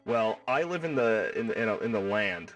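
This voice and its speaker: A man hosting a livestream, chatting casually with his viewers in an excitable, rambling way and riffing on the same joke over and over, his voice stuffed up and hoarse. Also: lowish voice, moderate pace, distant mic, highs cut off, soft background music. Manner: excitable, rambling, riffs and repeats himself. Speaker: livestream host. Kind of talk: casual chat with live viewers.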